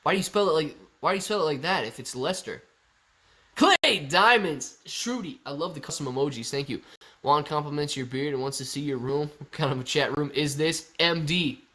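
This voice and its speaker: A man's voice: fairly high pitch, normal speed, sharp tone. A man hosting a casual live stream, chatting and joking as he reads viewer comments aloud.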